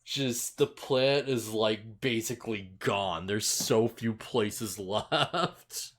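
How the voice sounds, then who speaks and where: A man co-hosting a casual anime recap podcast, chatty, full of "like" and quick laughs. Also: lowish voice. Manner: laughs often, filler-heavy, animated retelling. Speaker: podcast co-host.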